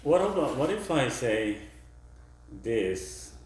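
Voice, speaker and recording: A male professor giving a classroom lecture, halting with fillers and restarts, acting out example phrases in different tones. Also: medium pitch, sing-song, a little mellow, echoey room. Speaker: university professor.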